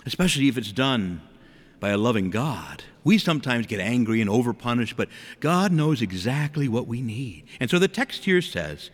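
Animated male preacher in a reverberant hall. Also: medium pitch, normal speed. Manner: animated, with rhetorical questions to the congregation. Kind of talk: sermon.

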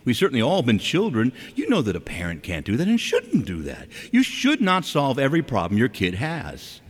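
A man's voice: mid-range voice, moderate pace, husky. A man preaching a conversational sermon in a church, asking rhetorical questions and talking straight to the congregation. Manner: animated, asks rhetorical questions, acts out quotes. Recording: long reverb of a church.

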